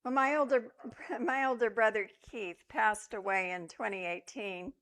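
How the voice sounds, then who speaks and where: An older woman minister giving a sermon, telling personal stories with reflection and gentle humor. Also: on the high side, fairly even intonation, moderate pace.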